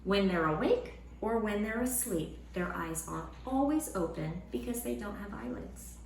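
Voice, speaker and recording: A woman teaching a Sunday school lesson to children at home, in a lively, encouraging way. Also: medium pitch, moderate pace, a little hiss or hum. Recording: roomy room sound with faint ambience.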